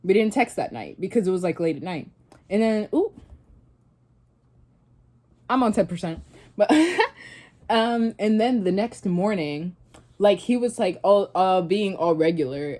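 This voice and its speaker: A young woman talks through a story for her vlog, her voice a bit low and mellow. She rambles with plenty of fillers and false starts, loose and chatty. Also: normal speed. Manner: rambling, animated retelling with many fillers and restarts. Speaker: vlogger. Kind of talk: casual storytime and reaction.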